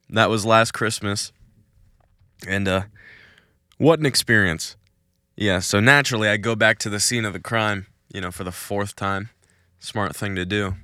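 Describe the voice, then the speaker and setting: A young male podcast host tells a story outdoors, chatting casually and laughing now and then. His voice sits a little low but sounds bright and forward. The sound is dry, with almost no room echo. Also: unhurried, long pauses. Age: young adult. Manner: animated storyteller, laughs between lines. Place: outdoors in a cul-de-sac.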